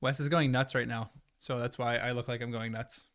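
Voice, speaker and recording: A rambling, apologetic man chats casually with his livestream viewers from home, his voice sitting at an ordinary middle pitch. The sound is close and dry, with no room around it, and now and then he talks through a mouthful of food. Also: fairly even intonation, a little fast, fairly bright tone, clear, resonant tone, no echo. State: chewing food at times. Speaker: livestream host. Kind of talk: casual chat with live viewers.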